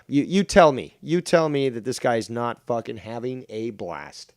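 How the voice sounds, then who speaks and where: A man's voice: medium pitch, normal speed, hardly any pauses, no room sound, clean studio sound. A man hosting a livestream show, talking casually, rambling and swearing. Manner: rambling, profane, animated.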